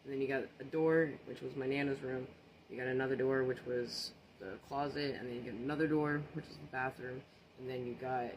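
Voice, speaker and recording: A man tells a story in a casual, rambling way, with lots of fillers and restarts. His voice sits at a middle pitch. Faint ambient noise hums behind him. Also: poor audio.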